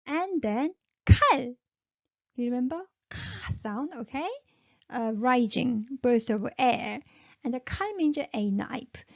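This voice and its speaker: A woman with a Korean accent teaching pronunciation, repeating syllables slowly and coaching the listener to try. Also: fairly high pitch, gravelly, darkish tone, dry recording, lo-fi sound. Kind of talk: pronunciation lesson.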